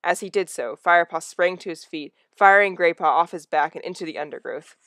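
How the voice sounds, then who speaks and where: A woman reads a novel aloud in a lowish, hushed voice, easing toward a whisper when the story tightens. The sound is dry and close, with no room around it. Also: fairly quick, no echo. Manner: soft, hushed narration that drops to a whisper in tense moments. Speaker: audiobook reader.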